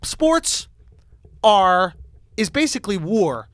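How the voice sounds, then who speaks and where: A man co-hosting a comedy podcast, riffing provocatively and building up to loud rants. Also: sits high, sing-song, takes it slowly, no echo. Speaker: podcast co-host. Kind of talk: comedic casual chat. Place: podcast studio.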